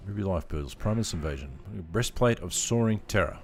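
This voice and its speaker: A man streaming a game live, chatting with viewers, laughing often and reacting out loud. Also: low voice, expressive, fairly quick, background noise. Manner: laughs often, chats to viewers while playing. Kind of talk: casual live-stream chat. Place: home room.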